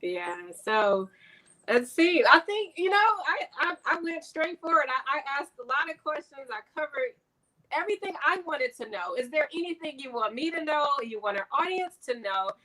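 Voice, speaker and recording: Woman, host, live video-call interview, bright tone, halting, emotional. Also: sits high, very animated, poor audio. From Detroit, Michigan. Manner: emotional, halting, laughs often.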